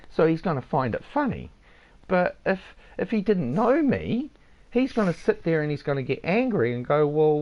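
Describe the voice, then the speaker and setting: Streamer guy, gravelly, lively pitch, rambling and cursing; dull lo-fi audio. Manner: rambling, swears a lot, says "mate". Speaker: game streamer. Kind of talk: casual lecturing chat. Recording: dull lo-fi sound.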